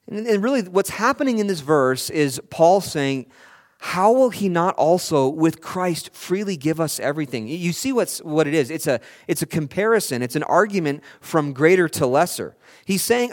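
A man preaching a sermon in an earnest, pleading way, his voice swelling loud and dropping soft, with frequent restarts. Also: a little high.

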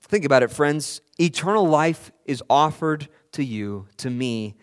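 A man preaching a sermon in an earnest, pleading way, his voice swelling loud and dropping soft, with frequent restarts. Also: on the high side.

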